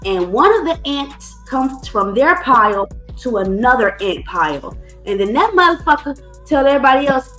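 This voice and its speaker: A woman's voice: high voice, lively intonation, brisk, sharp tone, soft background music. A woman hosting a heated live-stream debate, blunt and profane, cutting in often. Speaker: stream host.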